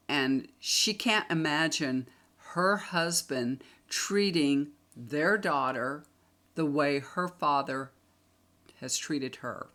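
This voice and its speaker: A woman's voice: deep voice, fairly bright tone. Chatty emphatic woman tarot reader. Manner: chatty and emphatic, repeats herself for stress. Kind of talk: casual talk to camera. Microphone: camera.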